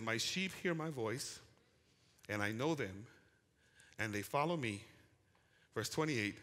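A male pastor preaching a lively sermon, calling out to the congregation and swinging from quiet asides to loud shouts. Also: mid-range voice, long reverb tail. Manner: animated preaching with call-and-response, rising to shouts. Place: church sanctuary.

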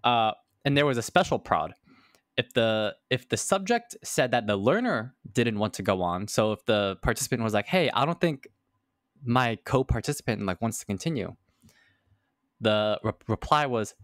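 A man's voice: lowish voice, expressive, moderate pace, fairly bright tone, no room sound, studio quality. A man hosting a podcast, explaining a study in casual chat and repeating words as he thinks. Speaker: podcast host.

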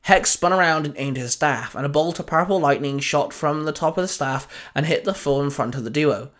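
A man narrating a fan fiction story, reading it aloud in a steady storytelling manner. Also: on the high side, brisk. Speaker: fanfiction narrator.

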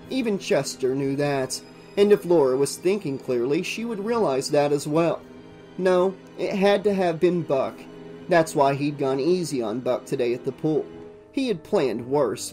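A channel host reading a horror novel aloud in steady audiobook narration. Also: mid-range voice. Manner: steady storytelling read.

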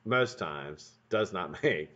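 A man rambles through a casual live stream from his home workbench, his talk full of swearing and joking asides to the chat. His pitch swings a lot, and the stream audio sounds dull and lo-fi. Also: expressive, slow pace, pushed and bright. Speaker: livestream host building vape coils. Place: home workshop room.

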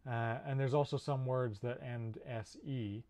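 A man's voice: medium pitch, steady tone, measured pace, a little mellow. A man teaching in a recorded video lecture, explaining patiently with frequent "uh" fillers. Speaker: linguistics instructor.

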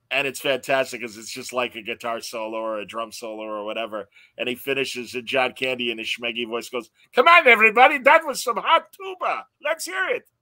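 A man's voice: medium pitch, pushed and bright, dry recording. A man hosting an interview podcast in a genial, casual way, with plenty of uh fillers.

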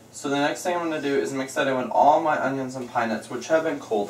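A man's voice: medium pitch, a little hiss or hum. A man walking through a recipe as he cooks, chatty and joking while he explains each step. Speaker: home cook demonstrating a recipe. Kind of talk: casual cooking chat. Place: home kitchen. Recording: echoey kitchen with cooking sounds.

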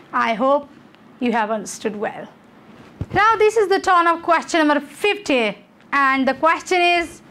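A woman's voice: high-pitched, a bit bright. A woman English teacher from Nepal, walking students through exam questions and checking in with "okay" and "you know".

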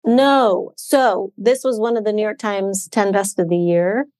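A woman's voice: mid-range voice, measured pace, no echo. Chatty woman bookseller talking books on a podcast, lots of ums and likes, dry close sound. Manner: chatty, relaxed, many "um"s and "like"s. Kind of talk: casual book chat.

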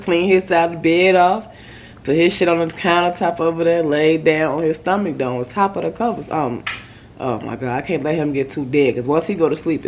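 A woman's voice: low voice, a little hiss or hum. A young woman, telling a story in a vlog, swearing freely and acting out what her boyfriend said. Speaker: vlogger. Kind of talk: casual storytime chat.

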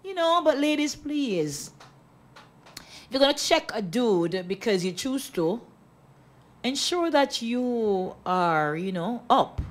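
A woman's voice: fairly high pitch, big pitch swings, slow. A woman co-hosting a radio talk show, bantering and teasing in a Patois-flavored casual chat. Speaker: radio co-host.

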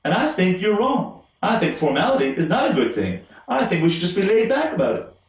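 A man's voice: sits high, sing-song, brisk, pitched above the performer's own voice. A man putting on an indignant wife. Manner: protesting, rising indignation. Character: defensive, indignant wife arguing back. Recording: roomy, distant mic.

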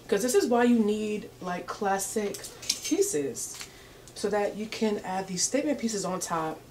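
A woman's voice: mid-range voice, darkish tone, slight background noise. A young woman hosting a casual clothing try-on haul, sassy and playful, laughing often as she talks to her viewers. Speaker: fashion vlogger.

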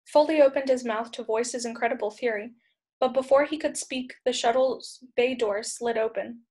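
A woman teacher narrates a chapter book aloud in a steady, clear way. Her voice sits a little high for a woman. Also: normal speed. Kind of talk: read-aloud storybook narration.

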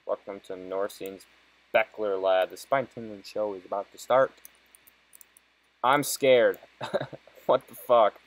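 In a fairly low voice, a young man gives casual, profanity-packed commentary on the video game he's playing. He jokes around even while frustrated, swearing constantly in true let's-play fashion. The recording is rough.

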